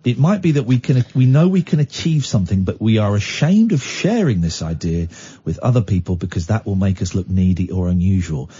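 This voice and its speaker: A man hosting a radio show, teasing his co-host and mocking what he reads out. His voice swings widely in pitch and has a husky edge. The sound is dull and lo-fi. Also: fairly quick. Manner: sarcastic, teasing, animated storytelling. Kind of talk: casual radio chat.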